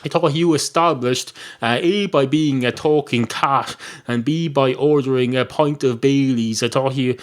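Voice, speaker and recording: A man's voice: mid-range voice, measured pace, lightly acted. Irish fella playing a barman who gets talked round, chatty, mock reasonable. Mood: reasoning. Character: obliging male barman, easily talked round.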